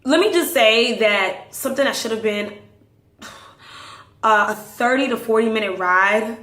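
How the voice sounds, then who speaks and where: Animated woman telling stories, roomy echo. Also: a little high, measured pace. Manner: animated, acts out dialogue, drops to hushed asides. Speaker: podcast host. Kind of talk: casual storytelling.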